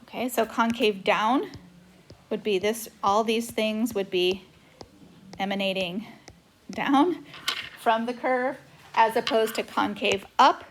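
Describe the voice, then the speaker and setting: Slow and with long pauses, a woman with a higher voice teaches math over a whiteboard recording, chatting and saying "okay" frequently. There's slight background noise on the tablet microphone recording.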